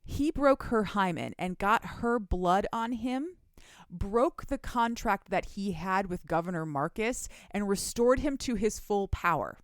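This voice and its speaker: A young woman chats casually on a podcast, retelling a story with animated energy and frequent laughter. Her voice sits at a middle pitch. The sound is dry and close, with no room echo. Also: a little slow. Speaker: podcast co-host recapping a book. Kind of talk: casual chat.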